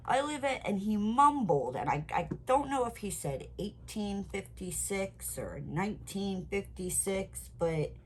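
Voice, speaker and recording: A woman vlogger telling a story in casual chat, animated and swearing freely. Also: medium pitch. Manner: animated, swears freely, quotes herself loudly. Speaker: crafting vlogger.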